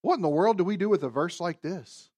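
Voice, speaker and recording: A man with a high, bright voice delivers a sermon from the pulpit. He surges to loud, emphatic lines and drops to soft, confiding asides, talking straight to his congregation. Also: a little fast. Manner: animated preaching, swings from loud emphasis to quiet asides. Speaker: pastor. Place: church.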